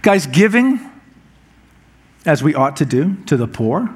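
A man with a notably high voice preaches in an easygoing, conversational way. He mixes scripture with light humor and often stumbles over a word and repeats it as he restarts a phrase. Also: big pitch swings, a little slow, darkish tone, breathy edge. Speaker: pastor. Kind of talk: sermon.

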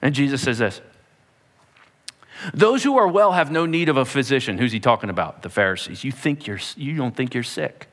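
A man preaching a sermon to a room, retelling scripture in a dramatic, animated way and acting out the people in it. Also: medium pitch, moderate pace. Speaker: pastor. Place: church hall.

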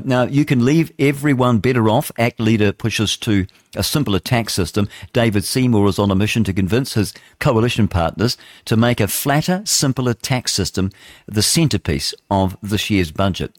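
Here a man from England presents morning talk radio in a studio, rambling through the news with chatty jokes and strong opinions, sometimes tripping over words. His voice is lowish, and the sound is dry and clean studio quality.

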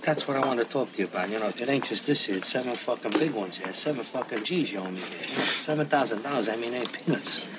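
A man's voice: medium pitch, fast talker, hardly any pauses, natural voice. An actor playing a nervous, stammering mobster crony who giggles as he talks. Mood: uneasy. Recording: noisy film audio.

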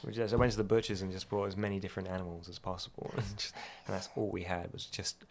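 A man's voice: sits low, little pitch movement, fast, a little hiss or hum. A young man co-hosting a podcast, chatting casually, laughing a lot and swearing freely. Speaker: podcast co-host. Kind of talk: casual chat.

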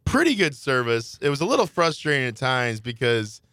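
A man's voice: mid-range voice, big pitch swings, normal speed, fairly bright tone, no room sound, studio quality. A man co-hosting a podcast, telling a rambling anecdote in casual chat and laughing often. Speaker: podcast co-host.

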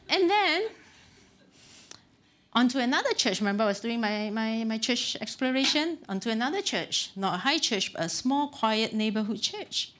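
A woman's voice: on the high side, lively intonation, moderate pace, a bit bright. A middle-aged woman pastor giving a conversational sermon, candid and self-deprecating, with frequent "um" and "you know.".

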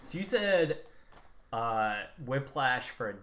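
A male co-host in a loose podcast chat. His pitch moves lively up and down. He hesitates and restarts often. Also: slow pace. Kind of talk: casual chat.

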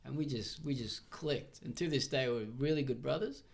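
A young man tells his travel stories as a podcast guest, animated and loose, swearing now and then. His voice has a gravelly, creaky edge at a mid pitch. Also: normal speed. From Israel. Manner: animated, acts out quoted voices, swears freely. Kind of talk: casual storytelling.

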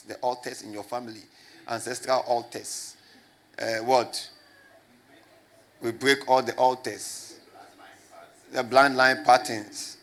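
A man's voice: mid-range voice, steady tone, takes it slowly, pauses often, a bit bright. A middle-aged man, a pastor, preaching a sermon and asking his congregation to repeat his words back. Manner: call-and-response preaching, repeats questions to the crowd.

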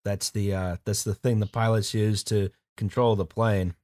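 A man's voice: lowish voice, level tone, moderate pace, a little mellow, no room sound. A man co-hosting a casual podcast, explaining things plainly with dry jokes. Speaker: podcast co-host. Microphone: remote call mic.

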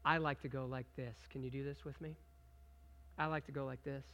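A man's voice: mid-range voice, flat delivery, fairly quick, bright, forceful tone, highs cut off. A man preaching a sermon, reading scripture aloud and talking conversationally with his congregation, asking them questions and prompting them to join in. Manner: reads scripture aloud with rising emphasis. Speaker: pastor.

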